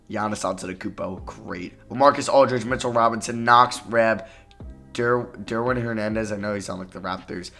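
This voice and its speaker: A man talking through his basketball video game as he plays it, his voice sitting at an ordinary middle pitch. He lurches between sudden loud outbursts and quiet, grumbling mutters. Faint music plays underneath him. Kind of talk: live gameplay commentary.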